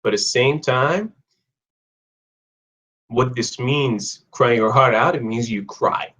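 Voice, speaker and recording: A young man hosts a live online English lesson, chatting loosely and joking as he reads out viewers' answers. He talks at an unhurried pace. His voice comes through slightly dull and lo-fi. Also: medium pitch, a bit bright. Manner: chatty, reads viewer comments aloud, jokes.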